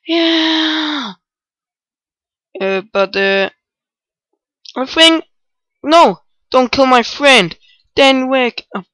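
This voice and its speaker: A woman giving frantic gameplay commentary, shouting and wailing in mock despair. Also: high-pitched, lively intonation, extremely slow, pauses often, no room sound, low-quality recording. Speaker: gamer recording gameplay.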